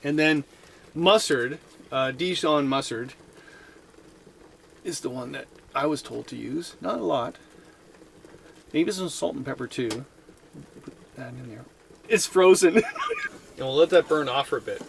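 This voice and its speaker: A man's voice: mid-range voice, unhurried, creaky, long pauses. Jokey man at winter camp. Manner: easygoing, jokey, chatty while cooking. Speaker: camping vlog host. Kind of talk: casual cooking vlog chat. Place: heated winter tent outdoors. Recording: noisy outdoor camp audio.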